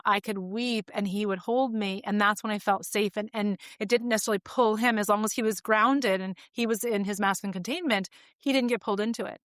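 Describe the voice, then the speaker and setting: A woman's voice: mid-range voice, fairly bright tone, dry recording, studio quality. Reflective woman in her forties. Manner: reflective and open, with frequent fillers. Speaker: podcast guest. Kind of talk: candid conversational storytelling.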